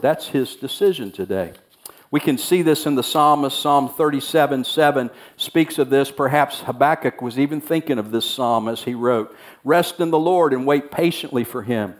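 A man preaching a sermon, earnest and repeating key phrases as he voices the prophet's words. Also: a little high. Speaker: pastor.

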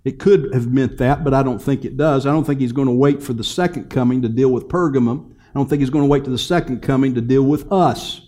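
A middle-aged man delivers a sermon from the pulpit. His voice sits at an ordinary middle pitch. He moves between loud, emphatic declarations and soft, quiet asides, and tells a family story with humor. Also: fairly quick, hardly any pauses. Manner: preaching, shifting from loud emphatic lines to low quiet asides. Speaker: pastor.

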